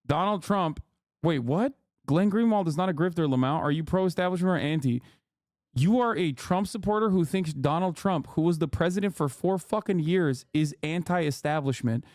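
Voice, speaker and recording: A man's voice: on the high side, normal speed, a little mellow, no echo, studio quality. Profane, heated male streamer. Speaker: streamer reacting to chat. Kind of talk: angry political rant.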